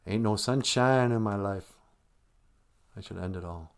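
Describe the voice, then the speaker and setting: A man's voice: fairly low pitch, a little slow, creaky, smooth. Man playing a depressed, pleading moth. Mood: despairing. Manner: mournful, pleading. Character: depressed weepy male moth.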